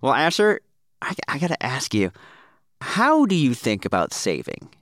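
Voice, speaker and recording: A man hosting a kids' money podcast in a playful, lively way. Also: mid-range voice, moderate pace, no echo, clean studio sound. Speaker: podcast host. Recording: music bed underneath.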